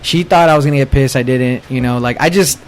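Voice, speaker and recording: A man's voice: mid-range voice, quick pace. A young man hosting a casual podcast chat, telling stories in a laid-back way, swearing freely and often restarting his sentences. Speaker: podcast host.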